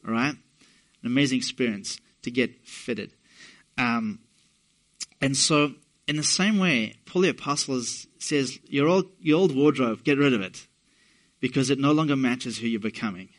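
A man's voice: medium pitch, moderate pace. A middle-aged man from England preaching a sermon, talking conversationally with asides to the congregation. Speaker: pastor.

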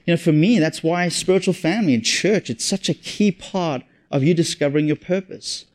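A man's voice: on the high side, brisk. A man with a South African accent preaching a sermon in an earnest, conversational way, often repeating and restarting his phrases. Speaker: pastor.

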